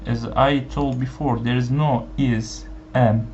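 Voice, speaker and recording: A man whose first language is Turkish gives an online language lesson, speaking slowly with many fillers and repeating each example phrase. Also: medium pitch, steady tone, a little mellow. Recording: dull lo-fi sound with faint background hiss.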